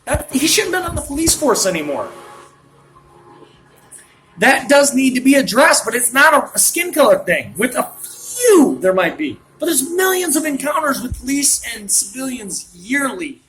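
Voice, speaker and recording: A man's voice: very high voice, big pitch swings, normal speed, fairly bright tone, soft background music, poor audio. A man in his late thirties delivering a ranting monologue, worked up and jumping from point to point as he talks. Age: late 30s. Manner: worked up, rambling, jumps between points.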